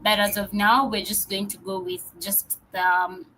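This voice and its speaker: Woman tech presenter, bright tone, walks through code step by step with many pauses and fillers; faint noise behind. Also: mid-range voice, level tone, low-quality recording. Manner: explanatory, hesitant with frequent fillers. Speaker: developer relations presenter. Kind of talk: live coding walkthrough.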